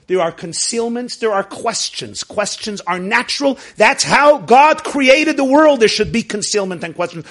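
A man with a high voice gives a Torah class. He speaks emphatically and keeps putting rhetorical questions to his listeners. He swings from hushed, slowed-down lines to loud, driving ones. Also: breathy edge. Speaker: Torah teacher.

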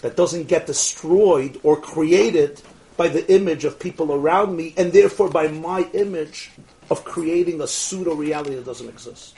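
A man giving an animated storytelling sermon, acting out the dialogue and often laughing. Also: a little high, moderate pace. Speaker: rabbi lecturing.

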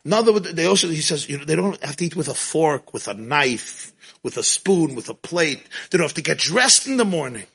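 A man teaching a Torah class, telling stories in a lively way and mixing in Hebrew and Yiddish terms. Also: a little high, fairly quick, vocal fry, slightly rough.

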